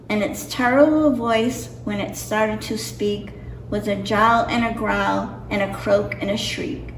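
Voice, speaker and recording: A woman's voice: medium pitch, steady tone, a little slow, a little hiss or hum. A woman reading a picture book aloud with careful, slightly nervous delivery. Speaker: storybook reader. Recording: roomy echo, mic far off.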